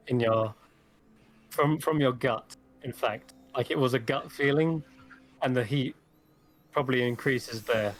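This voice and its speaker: A man narrating as game master in a tabletop role-playing game, describing scenes slowly with small restarts. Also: medium pitch, slight background noise.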